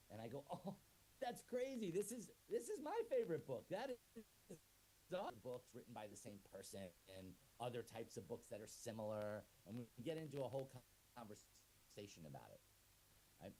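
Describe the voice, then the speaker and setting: Middle-aged male speaker with a lively delivery who plays both parts of a story. Warm, dark voice over faint tape hiss. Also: mid-range voice, poor audio. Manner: animated storyteller who acts out both sides of a scene in voices. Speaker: autism educator and speaker. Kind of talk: lively talk to an audience.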